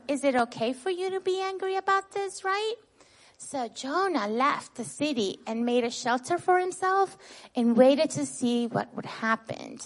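Her pitch is fairly high as she leads children through a Bible lesson. The retelling is spirited and expressive; she asks the children questions, then answers them, and almost every sentence closes with "right?"

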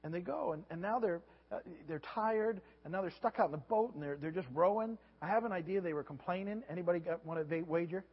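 A pastor preaching a sermon, animated and repeating his words, sometimes acting out voices. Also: high-pitched, quick pace, breathy edge. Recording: dull lo-fi sound with long hall reverb.

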